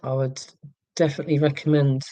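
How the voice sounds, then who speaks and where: A man's voice: medium pitch, flat delivery, fairly quick, mellow, dry recording. A man in his forties, chatting to a live-stream audience in a rambling, self-deprecating way, restarting sentences often. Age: 40s. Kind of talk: casual live-stream chat. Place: indoors at home. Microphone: laptop microphone.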